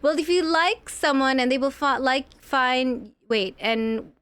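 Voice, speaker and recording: A woman's voice: high voice, unhurried, a bit bright, clear, resonant tone. A woman streaming herself playing a game, chatting playfully with viewers and talking to herself, with the odd swear. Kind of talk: live gameplay commentary, chatting with viewers.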